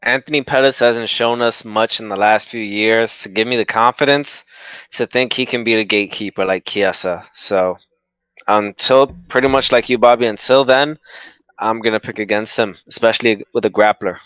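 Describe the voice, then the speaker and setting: A man co-hosts a casual sports chat over a video call. His voice is smooth and resonant, he speaks in a measured, plain way, and the sound is dry and close. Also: fairly low pitch, fairly even intonation, fairly bright tone, dry recording, rough recording. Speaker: podcast co-host.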